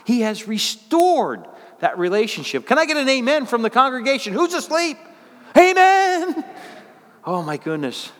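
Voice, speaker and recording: A man preaching a sermon in a folksy, conversational way, dropping low and quiet, then climbing high and loud. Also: long reverb tail.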